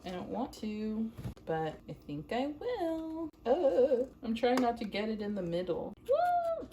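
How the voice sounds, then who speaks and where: Her voice a little high, mellow, and sing-song, a woman talks at a slightly slow pace while baking at home for her vlog. She's chatty and giggly, poking fun at herself with puns, recorded on a phone with slight background noise.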